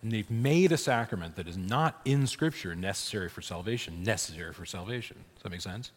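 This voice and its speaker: Chatty priest in an echoing hall. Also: male voice, lowish voice, animated, fairly quick. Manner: conversational, frequent "right?" checks, laughs, restarts. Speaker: priest teaching catechesis. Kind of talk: informal church class teaching. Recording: long hall reverb.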